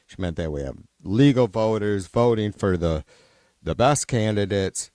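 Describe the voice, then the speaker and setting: A man's voice: on the low side, expressive, moderate pace, mellow, dry recording, studio quality. A man hosting a livestream, chatting casually and rambling, swearing often and restarting his sentences. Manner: rambling and profane, with many restarts and trailing-off sentences. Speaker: livestream host. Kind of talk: casual unscripted stream chat.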